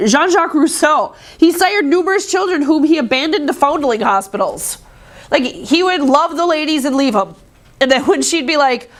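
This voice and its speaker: A woman's voice: high-pitched, animated, moderate pace. A woman teaching a history class in a classroom, chatty and joking, acting out quoted voices. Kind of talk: casual classroom lecture.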